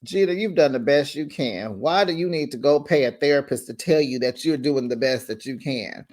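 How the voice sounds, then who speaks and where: A woman hosting a casual reality TV recap, sassy and animated, talking straight to her viewers. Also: extremely low pitch, normal speed. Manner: sassy, animated, talks straight to viewers with slang like "child" and "honey".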